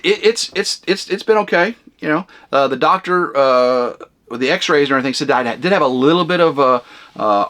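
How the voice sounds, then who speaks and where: A man hosting a vlog, rambling casually at home in a camper cabin, loud and flamboyant with lots of fillers. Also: mid-range voice. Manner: loud, big flamboyant talker. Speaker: vlog host.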